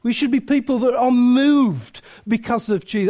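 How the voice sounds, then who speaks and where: A man's voice: very high-pitched, moderate pace, few pauses, darkish tone. A man preaching a sermon, emphatic, full of rhetorical questions and restarts.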